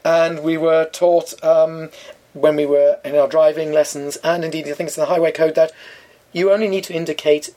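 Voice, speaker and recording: Male podcast co-host with a slightly high-pitched voice. Dry, opinionated, deliberate. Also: flat delivery, warm tone. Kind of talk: casual chat. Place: studio.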